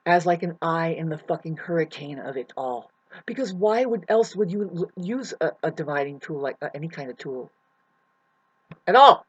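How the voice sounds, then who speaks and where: A self-styled spiritual teacher giving a profane, preachy monologue, swinging between shouting and muttering. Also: mid-range voice, breathy edge, dull audio. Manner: preachy, lecturing the listener.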